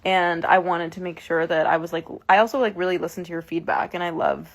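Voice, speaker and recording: Chatty low-voiced woman, gravelly edge. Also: fairly even intonation, fairly quick. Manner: chatty, emotional, many fillers and restarts. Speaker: singer on a live stream. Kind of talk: casual livestream chat with fans.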